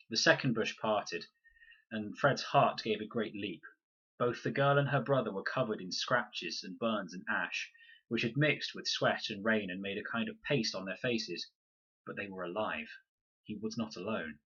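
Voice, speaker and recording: A man reads a children's novel aloud in measured, expressive storybook narration. His voice is low and very husky, yet bright and forceful in tone. The recording sounds dull and lo-fi. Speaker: reader.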